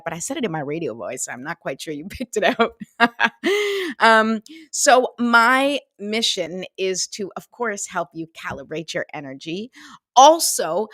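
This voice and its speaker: A woman's voice: mid-range voice, fairly bright tone, no room sound, clean studio sound. A middle-aged woman hosting a casual morning show as an energy coach, chatty and upbeat, often laughing as she talks. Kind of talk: casual morning livestream talk.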